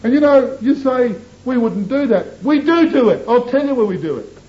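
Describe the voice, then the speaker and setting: Male preacher, high mellow voice, impassioned sermon, dull old recording. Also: animated, moderate pace. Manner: impassioned, swings between soaring and hushed. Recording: dull lo-fi tape with faint rumble.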